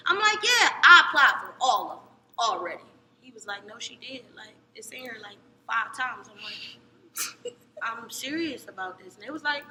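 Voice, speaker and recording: Young woman, Cleveland accent, high voice, very bright tone, animated storytelling, echoey room, faint noise. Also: brisk. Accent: American, Cleveland. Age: young adult. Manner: animated, swings from loud excited bursts to low murmurs. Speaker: podcast co-host. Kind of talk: casual storytelling chat. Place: podcast studio.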